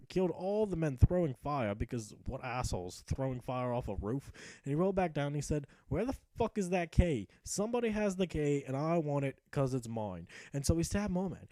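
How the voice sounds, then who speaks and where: Young male gamer spinning a profane mock-epic tale over his play; mellow voice, swooping lively delivery. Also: on the high side, dry recording, poor audio. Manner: profane, sarcastic storyteller voicing his character. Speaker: gameplay commentator. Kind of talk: mock-epic narration of gameplay.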